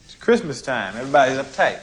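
An actor playing a brash young con man turned trader in a film scene, talking fast and cocky in streetwise slang. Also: medium pitch, big pitch swings, a little hiss or hum, close to an everyday voice. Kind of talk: film dialogue.

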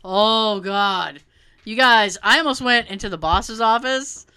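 A woman in her thirties hosting a casual chat, animated and profane, laughing often. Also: on the high side, a little slow, clear, resonant tone. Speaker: podcast host.

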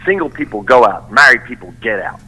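A man's voice: medium pitch, animated, a little fast, sharp tone, breathy edge, rough recording. A middle-aged man, a stand-up comedian, reminiscing in casual chat, laughing easily and restarting his sentences.

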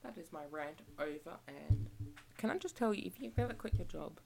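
A woman's voice: fairly low pitch, lively intonation, brisk, vocal fry, heavy background noise. A young Australian woman ranting casually about her retail job, rambling and acting out exchanges with customers. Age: young adult. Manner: rambling, chatty, acts out shop exchanges. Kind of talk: casual rant vlog.

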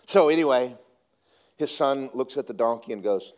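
A man preaching a sermon, swinging between loud emphatic lines and hushed asides. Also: medium pitch, moderate pace.

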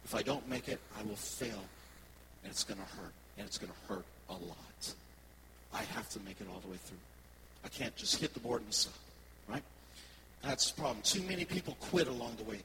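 A man, a worship pastor, preaching a sermon and telling personal stories in a conversational, animated way to his congregation. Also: lowish voice, moderate pace, background noise.

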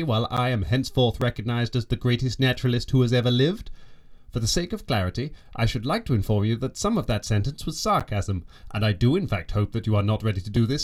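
A man's voice: medium pitch, darkish tone, close to an everyday voice. A man playing a pompous, petty ship's naturalist who reads out stiff, self-important letters and diary entries in a comic audio drama.

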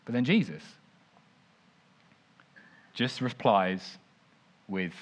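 A young man preaching casually, retelling a story in an animated, conversational way with lots of "like". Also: medium pitch, moderate pace, muffled recording. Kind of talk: informal sermon storytelling.

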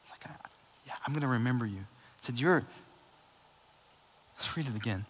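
Male pastor, bright forceful voice, casual animated sermon, hall reverb. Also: mid-range voice, normal speed, breathy edge. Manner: casual, animated preaching with asides and laughs.

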